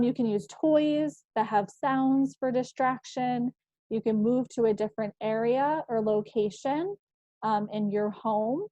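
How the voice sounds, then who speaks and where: A woman psychologist giving a parenting presentation, explaining in a calm, measured way with an occasional "um". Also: on the high side, no room sound. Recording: slightly dull, muffled recording.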